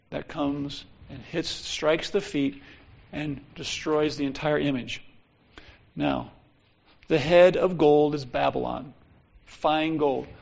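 A man preaching a Bible teaching sermon, reading old scripture slowly and solemnly, then explaining it in casual asides. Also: a little high, vocal fry. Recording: dull lo-fi recording.

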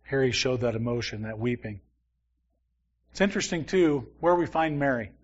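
A man's voice: medium pitch, expressive, moderate pace, highs cut off. Conversational man teaching a Bible class. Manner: conversational, asks the class questions.

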